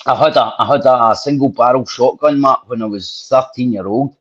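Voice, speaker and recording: A man's voice: medium pitch, moderate pace, slightly rough. A man hosting a podcast, telling rambling, sweary stories with plenty of restarts. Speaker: podcast host. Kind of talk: casual storytelling chat. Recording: dull lo-fi podcast audio.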